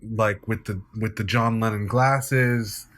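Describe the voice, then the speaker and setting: A man co-hosting a casual film podcast, telling relaxed anecdotes and cracking quips. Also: lowish voice, takes it slowly. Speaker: podcast co-host, filmmaker.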